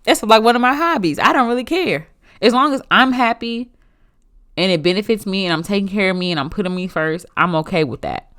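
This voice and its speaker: Young woman, podcast host, blunt and emphatic motivational talk, mid-pitched, down-home speech. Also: lively intonation, brisk, a bit bright, clean tone. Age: young adult. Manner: emphatic, blunt and conversational, with dialect grammar.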